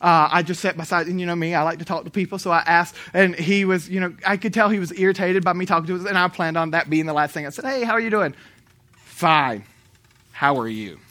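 A man's voice: sits high, little pitch movement, fast, few pauses, pushed and bright. A male preacher delivering a sermon in an emphatic, storytelling way, hammering repeated phrases.

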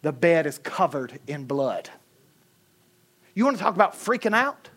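A man preaching a sermon as a pastor, telling a personal story in a colloquial, dramatic way with swings from shouted calls to hushed, quiet passages. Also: a little high, big pitch swings, a little slow.

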